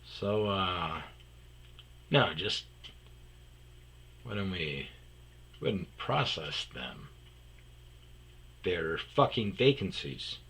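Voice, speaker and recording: Male storyteller, low husky voice, unhurried, swears a lot, gets loud playing out the quotes. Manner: profane, animated, acts out quotes loudly. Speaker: storyteller host. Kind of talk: casual ranting storytelling.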